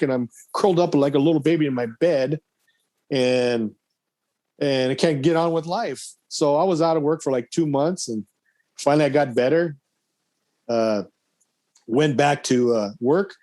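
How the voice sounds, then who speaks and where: A man in his thirties tells a personal story on a podcast, talking casually at a middle pitch. He is animated and often acts out the voices of the people in his story. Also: moderate pace, dry recording. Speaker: podcast guest, adoptee.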